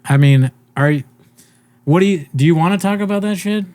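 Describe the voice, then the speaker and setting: A man's voice: high-pitched, fairly quick, a little mellow. A man in his thirties with a New England accent, hosting a podcast in casual, self-deprecating chat. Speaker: podcast host.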